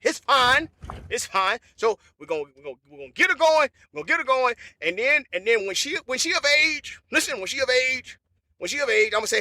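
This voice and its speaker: A man hosting a comedy podcast, talking in a loose, animated monologue. He repeats phrases and breaks into laughter. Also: very high-pitched, brisk, no echo.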